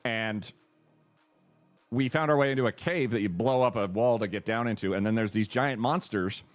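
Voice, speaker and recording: A man hosting a live stream, chatting casually and rambling excitedly as he greets and thanks viewers. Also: lowish voice, moderate pace, faint music behind. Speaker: streamer host.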